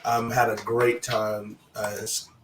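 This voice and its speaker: A man hosting a casual sports talk stream, his voice hoarse, talking in a loose, hyped-up, chatty way. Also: fairly low pitch, flat delivery, takes it slowly, a bit bright, reverberant, recorded from a distance, slight background noise, low-quality recording. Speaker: host.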